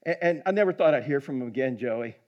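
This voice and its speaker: A man's voice: medium pitch, animated, fast talker. A man preaching a sermon as pastor, telling folksy, humorous stories. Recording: dull lo-fi recording.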